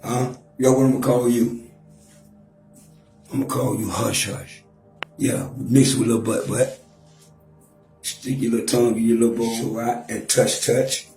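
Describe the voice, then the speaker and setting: A man's voice: medium pitch, steady tone, a little slow, pauses often, darkish tone, reverberant, soft background music. A man in his forties trash-talking and taunting on a profane livestream rant, mock-rapping at times. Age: 40s.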